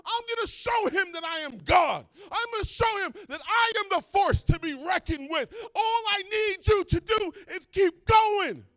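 A man voicing God as a commanding male figure, shouting drawn-out orders in a sermon. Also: very high-pitched, expressive, dry recording, pitched above the performer's own voice.

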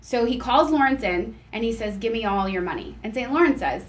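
Woman co-host, casual chat, lively storyteller, slightly high voice. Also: brisk. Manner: animated storyteller, exclaims often. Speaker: podcast co-host.

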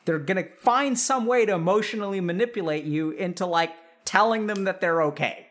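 A man giving advice on family relationships, animated and acting out both sides of an argument. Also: high-pitched, fairly quick. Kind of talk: animated advice monologue with role-play.

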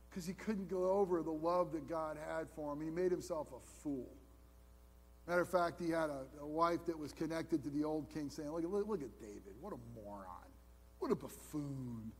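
A man with a high voice preaching a sermon with animated energy, rising to loud exclamations and dropping to hushed asides. His voice carries a long reverb from a church sanctuary. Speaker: pastor.

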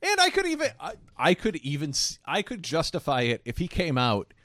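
Male podcast co-host, lively pitch, dry close mic, laughs often. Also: fairly quick, dry recording. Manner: animated, laughs often, mimics fading sound. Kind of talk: casual chat.

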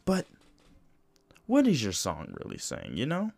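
This is a young male podcast host going solo, his talk loose, profane, and rambling, with many "you know"s and restarts. He has a medium-pitched, gravelly, darkish voice with huge pitch swings and a measured pace. The recording is dry.

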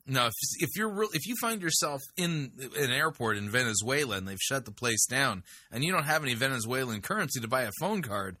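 A man's voice: medium pitch, sharp tone, breathy edge, dry recording, studio quality. A man hosting a show, making sarcastic, mocking commentary on played clips. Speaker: host.

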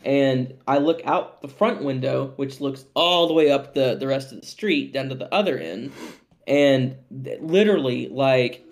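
A young man co-hosting a podcast, telling a story in casual, profane, animated chat and often laughing. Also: mid-range voice, a little slow, vocal fry. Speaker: podcast co-host.

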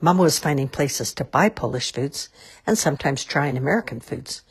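Storybook narrator, woman, low and breathy. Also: normal speed. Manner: expressive, lilting. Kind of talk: storybook read-aloud.

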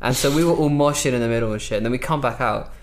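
A young man co-hosting a podcast in casual chat, relaxed, swearing freely and laughing often. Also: mid-range voice, rapid-fire, a little hiss or hum. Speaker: podcast co-host.

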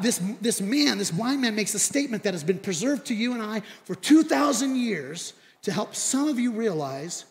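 A man's voice: high-pitched, vocal fry. A man preaching a sermon, animatedly acting out both sides of the conversations he retells. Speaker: pastor. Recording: long hall reverb.

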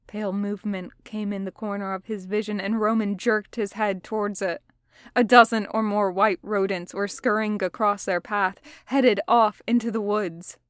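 A woman reading fan fiction aloud as audiobook narration, steady and picking up pace in tense passages. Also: mid-range voice, moderate pace, clean tone, no echo, studio quality. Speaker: podfic reader.

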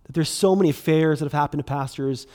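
A middle-aged man preaching a sermon in a loose, conversational way, full of "like" and quick restarts. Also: a little high, darkish tone. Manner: conversational, filler-heavy, restarts, quick bursts. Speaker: pastor.

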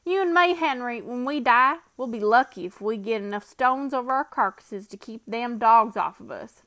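A woman's voice: on the high side, moderate pace, a bit bright, lightly acted. A woman voicing an uneasy grizzled sled-dog driver with a rustic backwoods dialect. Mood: brooding.

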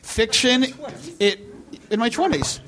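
A man's voice: extremely high pitch, very animated, takes it slowly, fairly bright tone. A man on a live panel in front of an audience, casually telling stories about writing and acting out the voices he quotes. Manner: storytelling, acts out quoted voices. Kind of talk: casual stage conversation.

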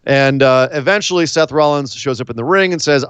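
A man in casual podcast chat, rambling and playful as he recaps events. His mid-range voice is smooth and clear, recorded dry and close with a slightly dull, lo-fi tone. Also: medium pitch, brisk, few pauses, no echo. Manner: rambling, playful, fond of doing impressions. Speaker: podcast co-host.

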